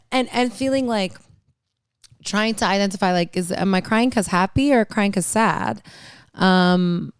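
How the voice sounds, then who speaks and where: A woman hosts her own podcast and talks casually on her own, circling and restarting her thoughts. Her voice is very clear and smooth. The close-miked sound is dry, with no room echo. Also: mid-range voice, a little mellow. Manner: rambling, self-interrupting, emotional and playful. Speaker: podcast host. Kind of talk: casual solo podcast chat.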